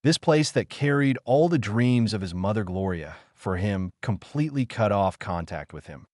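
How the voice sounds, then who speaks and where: A low-voiced male audiobook narrator reads scripted narration with liveliness at a moderate pace. The recording is dry and studio quality.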